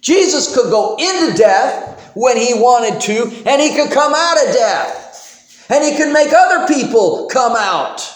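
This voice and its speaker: A man preaching a sermon in a church, animated and emphatic, with homely humor. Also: very high voice, measured pace. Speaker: pastor. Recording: roomy echo.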